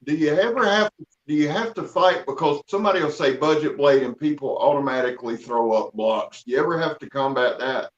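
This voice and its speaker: A man co-hosting a livestream, asking questions in a relaxed, casual way. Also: fairly high pitch, brisk, roomy sound, dull audio. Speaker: co-host.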